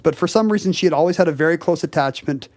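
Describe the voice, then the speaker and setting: A man with a slightly high voice tells a story in casual conversation, stumbling through fillers and quick restarts as he goes. His voice is recorded close and dry, with no room sound. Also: a little mellow, no echo. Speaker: podcast co-host. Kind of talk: casual chat, telling a story.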